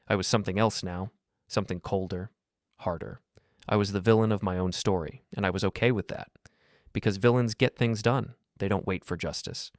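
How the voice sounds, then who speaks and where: A middle-aged man tells a first-person revenge story in a low voice, cold and deliberate. The recording is dry and close, with no room sound. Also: fairly even intonation, no room sound. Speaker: narrator.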